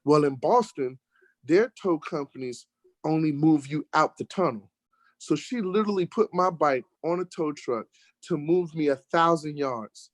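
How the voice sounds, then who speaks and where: An American man telling a lively road-trip story in casual conversation, getting worked up when he acts out arguments. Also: fairly high pitch, unhurried, no room sound. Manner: animated storyteller, rising sharply when acting out arguments. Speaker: guest telling a travel story. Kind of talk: casual storytelling in an online talk show.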